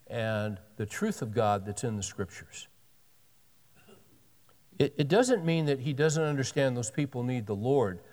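A sixty-something pastor preaches with relaxed, down-home charm, lifting his emphasis as he reads scripture and dropping in wry humor. His pitch is medium, and his words echo with a long reverb, as though in a spacious hall.

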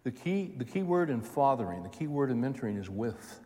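A man's voice: medium pitch, big pitch swings, a little fast, mellow. Folksy older male preacher, echoing hall. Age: 70s. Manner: folksy, conversational preaching with repeated phrases. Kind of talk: sermon.

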